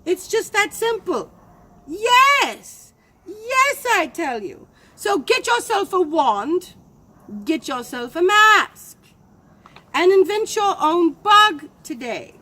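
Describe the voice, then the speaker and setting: A woman voicing a bold bug alter ego, loud, theatrical and emphatic. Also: high-pitched, very animated, measured pace, voice pushed up, full character voice. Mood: proclaiming.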